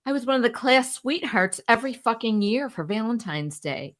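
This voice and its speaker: A woman's voice: fairly high pitch, expressive, moderate pace, a bit bright. A woman co-hosting a casual chat show over a video call. She is candid and swears, and she laughs often as she talks. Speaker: podcast co-host.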